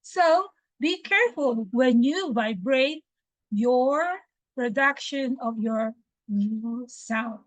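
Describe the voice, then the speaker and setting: A woman from the Philippines with a Filipino accent, teaching English pronunciation slowly and deliberately, repeating words for drills. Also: fairly high pitch, dry recording, rough recording. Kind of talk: pronunciation lesson.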